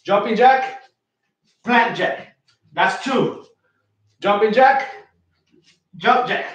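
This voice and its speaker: A high-voiced man leads a home workout, counting each rep and calling out form cues, short of breath between sets. He speaks from a distance from the mic, in a room with a strong echo. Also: extremely slow, dull audio. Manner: counting reps aloud, coaching cues, energetic whoops. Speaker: fitness coach.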